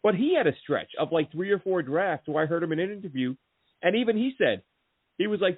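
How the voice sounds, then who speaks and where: A man chats on a sports podcast in an animated, rambling way, restarting his sentences as he goes. His voice sits fairly high. The sound is thin and phone-like, with no room echo at all. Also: a little fast, husky. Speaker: podcast host. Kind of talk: casual sports podcast chat. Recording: tinny phone-line sound, dry.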